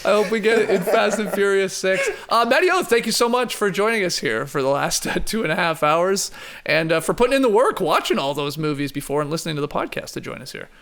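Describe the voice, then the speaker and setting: A man co-hosting a casual movie podcast, relaxed and laughing easily, rattling quickly through the sign-off plugs. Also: high voice. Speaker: podcast co-host.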